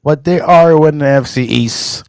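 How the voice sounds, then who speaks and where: A man's voice: a little high, moderate pace, dry recording. A man co-hosting a casual sports podcast, talking in a laid-back, rambling way. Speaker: podcast co-host.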